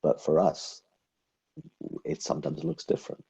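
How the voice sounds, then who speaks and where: A male host interviewing a guest, speaking in a gentle, affirming manner. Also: normal speed. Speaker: podcast host. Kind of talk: interview chat.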